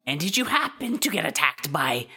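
A woman voicing an ancient elemental being who speaks formally and gravely in a tabletop game. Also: deep voice, very animated, normal speed, pushed and bright, voice pushed up, full character voice. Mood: solemn. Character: ancient elemental being, male, grand and solemn.

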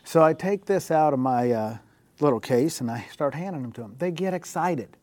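A man with a slightly higher voice tells a personal faith story in an easy, chatty way, laughing softly at his own punchlines. His voice sounds close and dry, with no room around it. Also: animated, normal speed, no room sound. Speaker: guest telling faith stories. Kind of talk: casual storytelling.

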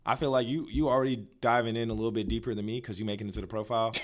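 A man's voice: medium pitch, fairly even intonation, rapid-fire. A young man chatting casually as a podcast co-host, loose and slangy, full of filler words. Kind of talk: casual chat.

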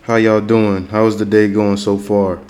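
Low-ish American male host from Florida, chatty and slow, repeats words for learners. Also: level tone, darkish tone, smooth. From Florida, United States. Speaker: host teaching English. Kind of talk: casual language-learning monologue.

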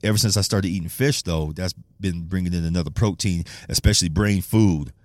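A man's voice: low voice, fairly quick, dry recording. A man hosting a casual solo podcast, rambling and swearing, laughing often and restarting his sentences. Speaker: podcast host.

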